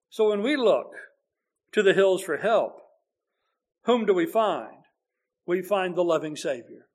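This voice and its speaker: Male preacher, high-pitched, earnest and conversational, emphatic builds, sermon. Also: expressive, measured pace, long pauses, darkish tone.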